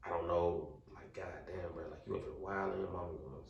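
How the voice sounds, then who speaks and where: A young man with a very low, gravelly voice tells his story as a podcast guest. His talk is loose, animated and full of slang. He sits a bit back from the mic in a roomy, echoing room. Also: a little fast, distant mic, muffled recording. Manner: slangy, loose and animated, leans on "you know what I'm saying". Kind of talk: casual storytelling.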